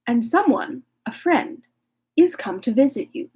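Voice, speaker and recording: A woman reading the part of a gentle older male magistrate from a classic novel, in a slightly breathy voice. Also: on the high side, very animated, a little slow, exaggerated voice.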